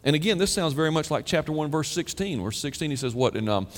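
A man's voice: on the high side, lively intonation, quick pace. A man preaching a sermon, reading scripture aloud with earnest emphasis. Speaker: pastor. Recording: long hall reverb.

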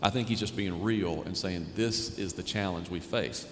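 A man's voice: sits low, normal speed. A man preaching a sermon as a pastor, earnest and direct, asking rhetorical questions and often restarting his phrases. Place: church sanctuary. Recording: echoey hall with faint noise.

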